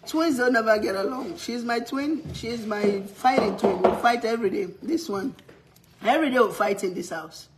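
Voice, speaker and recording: A woman's voice: fairly high pitch, a little slow, noisy background. A middle-aged woman hosting a home cooking stream, chatting casually, teasing and laughing often. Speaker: cooking livestream host. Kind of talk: casual chat.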